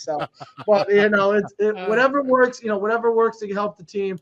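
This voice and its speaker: A middle-aged man co-hosting a sports podcast, telling rambling stories with excitement and laughing as he goes. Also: high voice, a little fast. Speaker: podcast co-host. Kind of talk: casual chat, storytelling. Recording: dull lo-fi sound.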